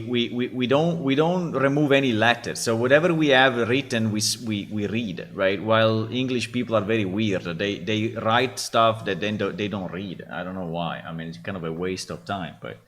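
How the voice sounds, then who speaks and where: A man's voice: fairly low pitch, normal speed, fairly bright tone. A man with an Italian accent and Italian as his first language, a game developer rambling casually about AI voices, often repeating himself. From Italy.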